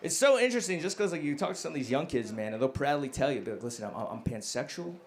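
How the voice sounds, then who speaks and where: A male stand-up comedian doing a crude, self-mocking set, dropping to low mumbles and then bursting out loud. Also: racing. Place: comedy club stage. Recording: live club recording with noticeable background noise. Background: audience laughter.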